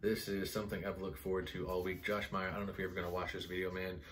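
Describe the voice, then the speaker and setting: A man casually reviewing perfumes in a vlog, excitable and rambling, full of "like" and "guys". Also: low-pitched, racing. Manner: excitable, enthusiastic, rambling with many "like"s. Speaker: fragrance reviewer.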